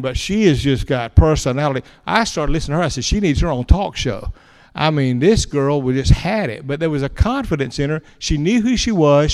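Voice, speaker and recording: A man's voice: fairly high pitch, smooth. A man, preaching in a folksy, anecdotal way to an audience. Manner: folksy and animated, tells anecdotes with chuckles and repeated words. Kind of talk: folksy storytelling talk to an audience. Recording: long hall reverb.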